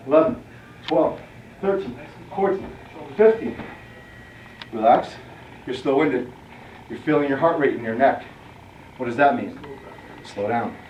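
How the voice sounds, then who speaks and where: A male fitness trainer in a gym, speaking slowly and calling out short commands as he demonstrates each move and counts the reps. His voice sits a little high and comes from some distance off the mic. The recording is roomy with echo and sounds dull. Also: slight background noise. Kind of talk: workout instruction.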